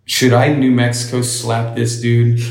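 A man's voice: medium pitch, completely flat delivery, unhurried, echoey room, poor audio. A man as an interview guest, telling a story casually and bluntly, with lots of swearing and quoted dialogue.

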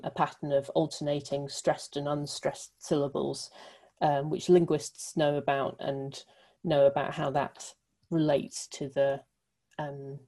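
Low, mellow woman explaining phonics. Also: poor audio. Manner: thoughtful, filler-heavy explaining. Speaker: literacy researcher guest. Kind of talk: explanatory interview answers.

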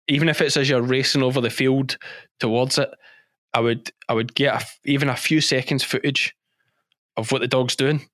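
A man's voice: medium pitch, fairly bright tone, no room sound, clean studio sound. A man, a former policeman and sheep farmer, telling stories in a casual podcast interview, laughing often and repeating himself.

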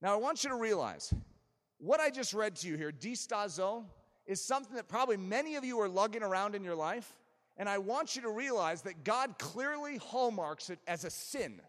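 A man preaching an impassioned sermon as pastor, building to forceful emphasis. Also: sits high, animated, normal speed, long reverb tail.

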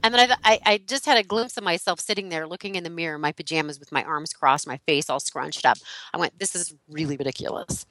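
An animated middle-aged woman who laughs often and acts out the voices in her story. Her tone is bright and forward, and it is recorded close and dry with no room sound. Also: low-pitched, fast talker, dry recording, poor audio. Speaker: guest, relationship teacher. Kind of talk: storytelling in a podcast interview.

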